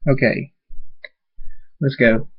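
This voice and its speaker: A man's voice: medium pitch, steady tone, slow, lightly acted. A man voicing an earnest young male hero in a fan-made story reading, urgent and pleading. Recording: dull lo-fi recording.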